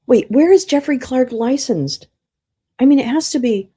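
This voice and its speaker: A woman's voice: sits high, expressive, normal speed, dark tone, slightly rough. A woman hosting a casual livestream, talking to her chat, humming to herself, swearing and getting flustered while she searches for something. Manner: flustered and confused, talks to chat. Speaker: livestream host.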